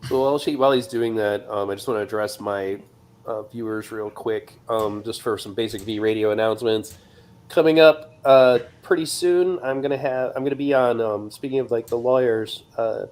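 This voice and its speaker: A man's voice: mid-range voice, a little mellow. A man hosting his channel, giving upbeat announcements to his viewers. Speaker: channel host.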